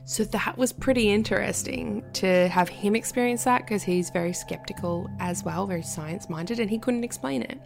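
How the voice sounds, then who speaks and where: A woman, a podcast guest telling a story in a casual, animated way and dropping to a whisper at the creepy parts. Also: medium pitch, moderate pace, gravelly, hardly any pauses, faint music behind.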